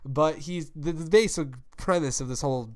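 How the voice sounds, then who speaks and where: A man co-hosting a podcast in loose, rambling casual chat, cursing often and laughing as he pitches a story. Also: normal speed. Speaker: podcast co-host.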